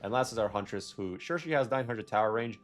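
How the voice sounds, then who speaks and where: A man's voice: fairly low pitch, lively intonation, fast talker, faint music behind. A young man giving casual, rambling gameplay commentary, correcting himself and drifting into jokey rants. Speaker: gaming video creator.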